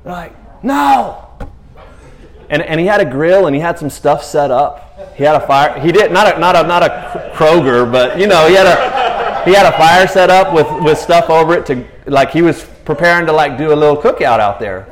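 A man preaching casually, retelling scripture in an animated way with laughing asides. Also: a little high, a little fast, hardly any pauses. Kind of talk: casual sermon.

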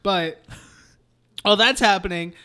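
A man's voice: sits high, a little slow, sharp tone, clear, resonant tone. A young man co-hosting a podcast, casually retelling a film in a rambling way, laughing and swearing freely. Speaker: podcast co-host.

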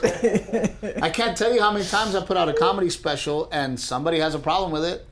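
A man's voice: high voice, a little fast, a crowd in the background. A middle-aged man, a comedian co-hosting a podcast, chatting casually and telling jokey stories, often mimicking other people. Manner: joking, animated storyteller who mimics others. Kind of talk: casual chat.

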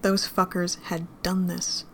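A woman reading a dark piece of fan fiction aloud, her voice gravelly with fry. She keeps a flat, even line and a grim, measured pace through the narration. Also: lowish voice, slight background noise.

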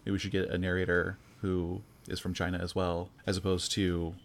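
A man's voice: sits low, level tone, moderate pace. A man co-hosting a podcast, talking through his thoughts in a casual, searching way. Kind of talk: casual discussion.

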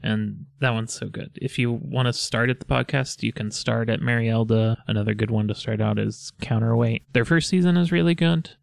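A man's voice: medium pitch, normal speed, vocal fry, hardly any pauses, no room sound, studio quality. A man co-hosting a podcast, chatting casually and rambling, often breaking into laughter. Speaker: podcast co-host. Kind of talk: casual chat.

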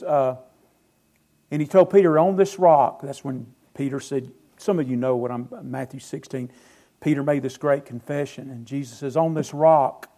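A pastor preaches an emphatic sermon, posing questions to the congregation and answering them himself. His medium-pitched voice swings in loudness from phrase to phrase.

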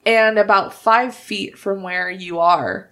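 A woman narrating a tabletop role-playing game as game master, telling the story in a measured way. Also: medium pitch, steady tone, bright, forceful tone.

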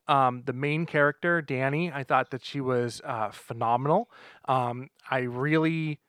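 A man co-hosting a podcast, giving a measured, hesitant review full of ums. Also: fairly high pitch, a bit bright, smooth, no echo, studio quality. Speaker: podcast co-host. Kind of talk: casual chat reviewing a TV show.

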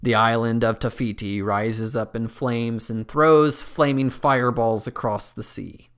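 A man preaching a sermon as pastor, earnest, dropping to a hush at dramatic moments. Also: mid-range voice, fairly even intonation, unhurried, clean tone.

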